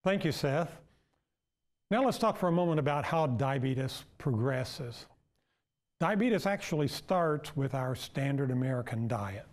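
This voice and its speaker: A man, a nurse, explaining a health topic in a steady, lecturing seminar manner. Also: mid-range voice, measured pace.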